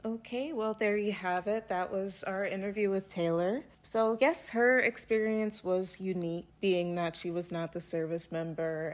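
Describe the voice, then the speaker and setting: A woman's voice: on the low side, darkish tone. A woman podcast host closing the episode in a plain, direct way. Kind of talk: show outro.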